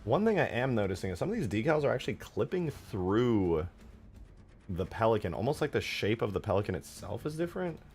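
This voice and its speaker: A man giving relaxed, rambling commentary while modding a game, often correcting himself as he goes. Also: fairly low pitch, brisk. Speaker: modding streamer. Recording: faint background music.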